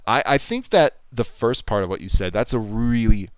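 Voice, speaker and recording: A man's voice: mid-range voice, expressive, moderate pace, clear, resonant tone, no room sound, low-quality recording. A man chatting casually on a livestream, thinking aloud and reading viewer comments out. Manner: musing, thinks aloud, reads chat comments out. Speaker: livestreamer editing a video.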